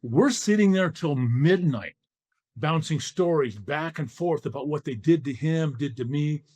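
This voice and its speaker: Older male guest, animated storyteller, fairly high voice, swings in pitch. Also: unhurried, husky. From California. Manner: animated storyteller, acts out quoted dialogue. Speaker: guest, former football player. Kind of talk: storytelling in a podcast interview.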